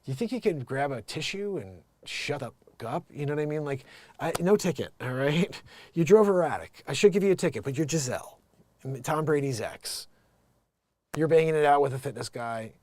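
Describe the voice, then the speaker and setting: A man putting on a fed-up traffic cop who is blunt, crude and quick to swear. He sounds a touch higher than most men, in a dry, close setting with no room sound, and runs out of patience. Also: expressive, a little mellow, no room sound, lightly acted. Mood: impatient. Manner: rude, impatient, swearing.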